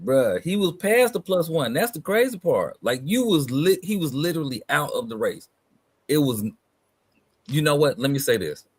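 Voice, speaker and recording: A man's voice: a little high, sing-song, normal speed, breathy edge, no room sound. A man hosting a live hobby talk stream, telling stories in a laid-back, slangy way. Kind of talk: casual chat, storytelling.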